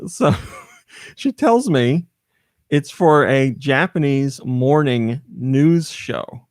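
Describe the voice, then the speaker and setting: A man's voice: medium pitch, very animated, slow pace, no echo, studio quality. An American man hosting a podcast, telling a story in casual chat, acting out the voices in it and laughing often. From United States. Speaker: podcast host.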